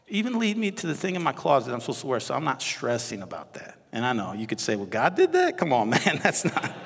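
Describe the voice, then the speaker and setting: A male associate pastor with a Midwestern American accent preaches a sermon in a conversational, animated way, chatting with the congregation between readings. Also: medium pitch, gravelly. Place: church sanctuary. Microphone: lapel mic. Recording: long reverb of a church hall.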